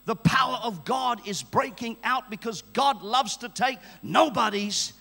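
A man's voice: extremely high pitch, lively intonation, measured pace, pushed and bright. A man in his fifties from England preaching a fervent sermon, using repeated call-and-response phrases. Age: 50s. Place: large church hall. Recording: echoey church hall with mains hum.

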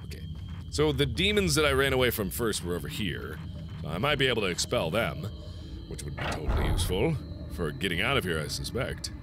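A man giving running commentary on a horror game playthrough. He mutters to himself as he explores and shouts taunts at the ghosts on screen. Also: lowish voice, very animated, brisk. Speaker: gaming video host. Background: loud game music.

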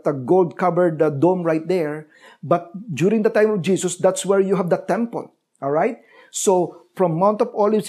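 A man preaching a sermon, explaining scripture step by step and rising in pitch when he presses a point. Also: warm tone. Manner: explanatory Bible teaching, rises in pitch when stressing a point. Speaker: pastor.

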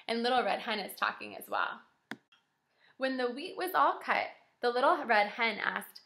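A woman kindergarten teacher reading a picture book aloud to her class, speaking clearly and encouragingly and explaining step by step. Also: fairly high pitch, normal speed, bright, forceful tone. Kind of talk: read-aloud lesson for young children.

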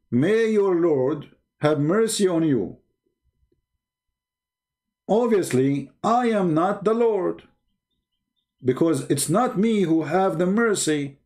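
Male host, high-pitched, sarcastic and incredulous, with non-standard English grammar. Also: a little mellow. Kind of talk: mocking religious commentary.

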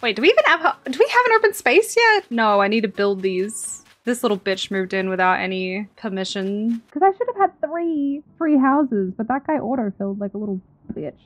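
A young Australian woman chatting over a game as a streamer, excitable, swearing freely and laughing often. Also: fairly high pitch, moderate pace, hardly any pauses. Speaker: gaming streamer. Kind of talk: casual game commentary.

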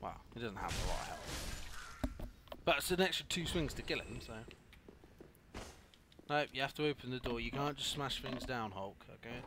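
A young man commentating his gameplay, swinging from mutters to furious shouted swearing with a lively, jumpy pitch. There's steady noise under his voice in the recording. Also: normal speed, pauses often. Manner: swearing, frequent angry yelling outbursts. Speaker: gaming youtuber. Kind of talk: let's play commentary.

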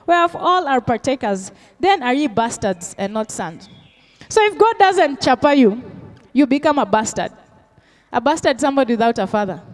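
A middle-aged woman pastor, preaching a sermon with call-and-response questions and Swahili phrases mixed in. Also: high voice.

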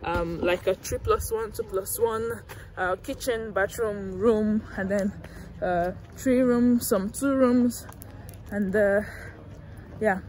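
A woman's voice: mid-range voice, takes it slowly, a little mellow, a little hiss or hum. A young woman vlogging a walking tour of a university campus outdoors, chatty and self-mocking, talking to viewers through a handheld phone. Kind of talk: casual walking vlog.

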